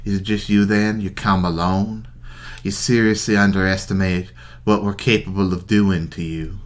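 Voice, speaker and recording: A man's voice: sits low, steady tone, moderate pace, lightly acted. A man voicing a brutish, menacing male bandit leader in a put-on Kentucky accent, with a gloating drawl. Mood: gloating menace.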